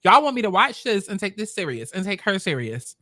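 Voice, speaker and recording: A man's voice: high voice, very animated, a little fast, bright, forceful tone, no echo. A man hosting a reaction commentary, sassy and blunt, talking while he eats. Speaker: commentary host.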